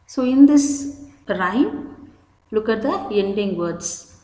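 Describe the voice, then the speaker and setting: A woman's voice: mid-range voice, lively intonation, slow pace, dark tone, reverberant, rough recording. A woman teaching a literature lesson, patiently explaining terms and spelling words out. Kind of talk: slow explanatory lecture.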